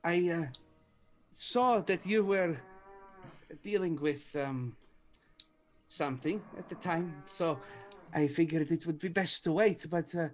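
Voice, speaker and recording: A man's voice: fairly high pitch, slow pace, pauses often, soft background music. A man voicing a shy, friendly young woman in a tabletop game, speaking hesitantly with fillers. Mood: polite. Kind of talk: tabletop game role-play.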